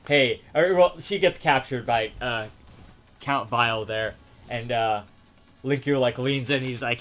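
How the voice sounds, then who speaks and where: A man with a mid-range voice recaps a film in a loose, wandering way, leaning on "um" and "like" as he goes. He talks as a reviewer in a relaxed, unscripted chat, and faint music plays behind him. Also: medium pitch. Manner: rambling, heavy on fillers like "um" and "like". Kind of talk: casual spoken movie recap.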